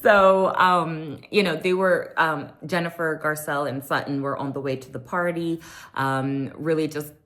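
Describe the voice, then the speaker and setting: A woman with a deep, somewhat bright voice speaks at a moderate, steady pace. She recaps a reality show in a casual, chatty way, filling her talk with "um"s and often acting out what other people said.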